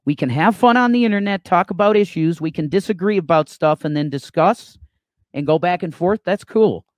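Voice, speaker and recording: A man's voice: high-pitched, moderate pace, no echo, clean studio sound. A man co-hosting a live call-in stream, talking emphatically and punctuating points with repeated "okay?". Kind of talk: heated live stream talk.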